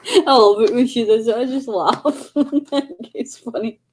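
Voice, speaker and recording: A woman's voice: on the high side, a little slow, darkish tone, a little hiss or hum. A chatty, giggly woman co-hosting a casual craft livestream over a video call. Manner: chatty, giggly, mimics voices. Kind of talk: casual chat.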